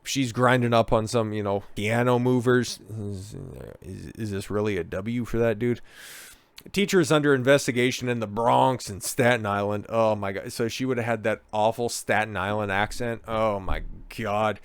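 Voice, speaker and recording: A man's voice: on the low side, fairly even intonation, moderate pace, clear, resonant tone, no room sound. Sarcastic man reacting to news stories. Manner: mocking, sarcastic, talks over what he reads. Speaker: commentator. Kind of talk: reading news stories aloud with sarcastic asides.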